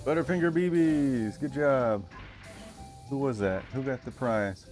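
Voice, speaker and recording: Slow, unsure man streaming a game. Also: mid-range voice, a little mellow, faint music behind. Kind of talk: casual commentary while playing.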